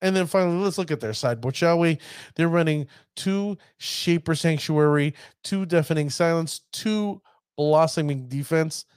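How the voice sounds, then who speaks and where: A man giving casual commentary on a card game deck, chatty and addressing his viewers as ladies and gentlemen. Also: on the high side, moderate pace, smooth, no echo, clean studio sound.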